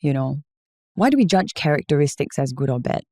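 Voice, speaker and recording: A Singaporean woman, an actor, whose accent mixes American and British sounds. She talks in a casual, animated podcast chat full of emphatic questions. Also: low voice, fairly quick, no echo, clean studio sound. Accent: Singaporean mixed with American and British.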